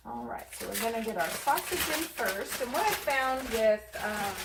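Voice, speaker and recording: A woman's voice: on the high side, animated, moderate pace, recorded from a distance, background noise. A woman hosting a home cooking vlog, talking casually and rambling with lots of ums as she works in her kitchen. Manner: chatty, rambling, many ums. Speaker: cooking channel host. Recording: echoey room, voice away from mic.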